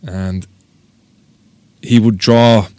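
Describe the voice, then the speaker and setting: A man's voice: lowish voice, steady tone, extremely slow, darkish tone, clean tone, dry recording. An Irish man, a tattoo artist, telling stories in a casual interview, rambling and swearing freely. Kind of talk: casual podcast interview storytelling.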